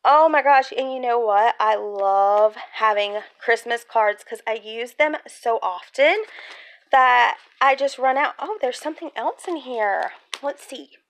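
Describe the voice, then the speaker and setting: A woman chatting casually while unboxing a gift on her bed, excitable and chatty with frequent squeals, filmed on a handheld phone. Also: on the high side, a little slow. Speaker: crafts vlogger. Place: bedroom at home. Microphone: handheld phone camera.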